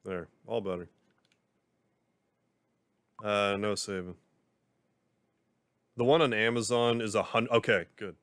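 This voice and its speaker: A man's voice: fairly low pitch, fairly even intonation, slow, long pauses, fairly bright tone, no room sound. A man streaming a video game live, talking casually and rambling with lots of "like" as he plays and chats with viewers. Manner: rambling, chatty, heavy use of "like". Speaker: gaming livestreamer. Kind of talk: casual live commentary while playing a game. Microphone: desk microphone.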